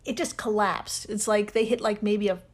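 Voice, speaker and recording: A woman's voice: mid-range voice, fairly even intonation, normal speed. A woman co-hosting a podcast, presenting researched facts in casual chat, laughing and swearing freely. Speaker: podcast co-host.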